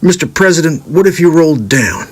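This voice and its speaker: A man doing an impression of an eager, deferential male vice president who talks quickly. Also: on the high side, big pitch swings, husky. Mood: fawning. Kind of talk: celebrity impression on a livestream.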